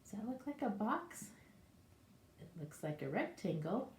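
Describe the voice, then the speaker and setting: A woman as a preschool teacher reading a picture book to young children and asking them questions, in an animated way. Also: medium pitch, unhurried, slight background noise. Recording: echoey room.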